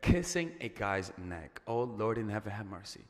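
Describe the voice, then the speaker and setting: A man's voice: on the low side, big pitch swings, moderate pace, long reverb tail. A man giving casual dating advice as a coach, chatty and profane, repeating words and joking as he goes.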